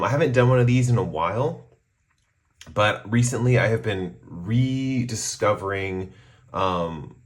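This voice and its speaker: Low-voiced hoarse man reading tarot. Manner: relaxed, rambling, many ums. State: hoarse after a cough. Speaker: tarot reader. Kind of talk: casual pick-a-card tarot reading.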